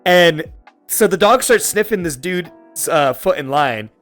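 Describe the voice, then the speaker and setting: A man's voice: sits high, expressive, unhurried, fairly bright tone, faint music behind. A man in his twenties from Florida hosting a podcast, telling a long, rambling story full of swearing and fillers. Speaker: podcast host. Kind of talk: casual chat.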